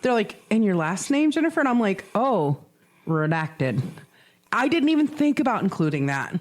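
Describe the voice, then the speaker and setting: A woman's voice: mid-range voice, moderate pace. A woman co-hosting a podcast, retelling a true crime case in casual chat, acting out the quotes and laughing often. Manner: animated storyteller, acts out quotes, swears, laughs often. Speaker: podcast co-host.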